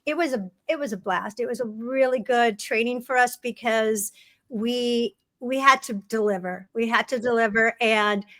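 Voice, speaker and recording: A middle-aged woman, a guest in an interview, telling stories about her career in an animated way and acting out the people she quotes. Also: on the high side, moderate pace, no room sound. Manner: animated storyteller, acts out quoted people, laughs often. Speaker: film writer and producer guest. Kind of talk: conversational interview storytelling.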